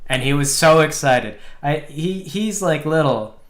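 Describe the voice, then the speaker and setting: A man's voice: fairly high pitch, measured pace, roomy sound, a little hiss or hum. A man chatting casually on a live stream about the game he is building alone, rambling with lots of fillers. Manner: rambling, filler-heavy, animated storytelling. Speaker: solo indie game developer streaming.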